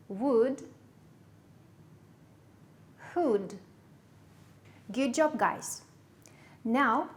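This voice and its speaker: A woman with a Kyrgyz accent teaching English to young pupils, slowly repeating and spelling out words. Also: a little high, a little mellow.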